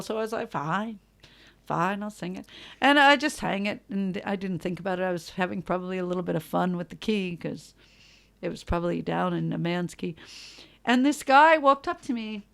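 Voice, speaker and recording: A middle-aged woman from New York with a New York accent, chatting casually as a guest and telling a story in an animated way, laughing and acting out what others said. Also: medium pitch, brisk, vocal fry. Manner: animated, laughing, acts out quotes in voices.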